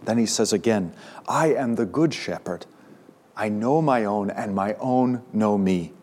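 A man's voice: on the low side, unhurried, darkish tone. Emphatic male pastor preaching a sermon. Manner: emphatic, rising sharply on key words.

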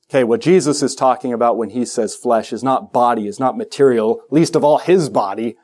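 A male pastor preaching a sermon, animated, with joking asides and acted-out quotes. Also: mid-range voice, brisk, hardly any pauses.

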